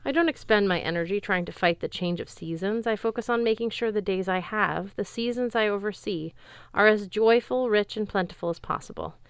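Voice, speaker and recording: A woman voicing a calm, gentle male god speaking formally to his son. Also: medium pitch, clean tone, no echo, close to an everyday voice. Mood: solemn. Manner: solemn, measured, formal.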